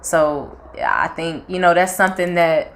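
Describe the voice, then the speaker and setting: Young Southern-accented woman, low-pitched, frank and talkative in a casual chat. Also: big pitch swings, normal speed, slight background noise. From North Carolina, US. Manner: frank and talkative, acts out quoted voices. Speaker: channel co-host.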